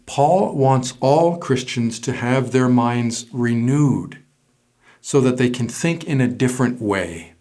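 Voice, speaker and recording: A man who is a pastor, preaching a sermon in a measured way, stressing single words with pauses. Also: medium pitch, dark tone.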